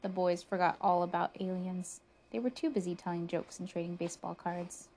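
A woman reading a picture book aloud to a child, gently pausing to ask questions. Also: fairly low pitch, steady tone.

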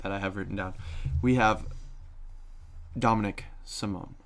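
A man co-hosting a hockey podcast in casual chat, joking and getting animated when he argues a point. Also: fairly low pitch, moderate pace. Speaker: podcast co-host.

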